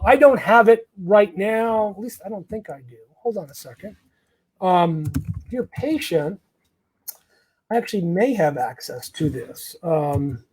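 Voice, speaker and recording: High-voiced man answering viewer questions. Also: darkish tone. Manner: blunt, conversational, many fillers and restarts. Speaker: immigration lawyer. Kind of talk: live Q&A answering viewer comments.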